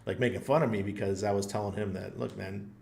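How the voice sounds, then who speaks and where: A man's voice: lowish voice, steady tone, fast, mellow. A man hosting his own channel, rambling through a funny story in a casual, self-mocking way with frequent laughs. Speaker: channel host. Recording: roomy echo.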